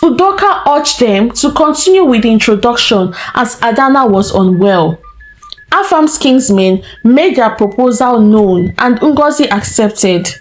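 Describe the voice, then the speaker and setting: A woman storyteller narrating a folktale in a slow, deliberate way. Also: a little high, lively intonation, low-quality recording.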